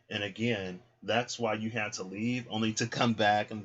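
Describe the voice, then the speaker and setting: Chatty low-voiced man reading tarot. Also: level tone, moderate pace, hardly any pauses, a bit bright, lo-fi sound. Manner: chatty, filler-heavy, acts out voices in quotes. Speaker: tarot reader.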